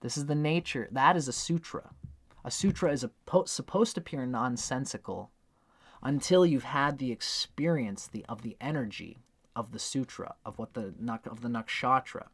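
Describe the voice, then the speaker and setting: Male teacher, mid-pitched, casual lecture voice, acts out his examples. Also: moderate pace, husky. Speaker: astrology teacher. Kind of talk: casual spoken book review.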